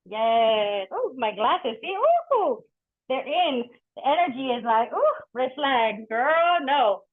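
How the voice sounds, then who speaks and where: A woman's voice: high-pitched, lively intonation, takes it slowly, no echo. A woman performing spoken-word poetry and chatting candidly between poems at a live poetry event, swearing freely. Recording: thin phone-like dry recording.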